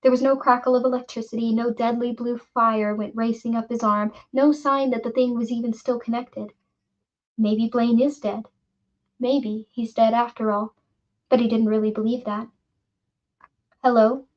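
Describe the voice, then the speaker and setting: A woman giving a steady, expressive audiobook narration. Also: a little high, normal speed. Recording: dull lo-fi recording.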